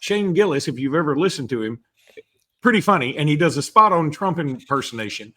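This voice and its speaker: A man co-hosting a sports podcast in casual chat, animated and quick with asides. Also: on the high side. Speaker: podcast co-host.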